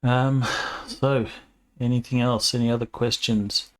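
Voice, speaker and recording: A man running a tabletop game session, talking casually in a relaxed way, with frequent hesitant fillers. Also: medium pitch, unhurried. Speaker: game master.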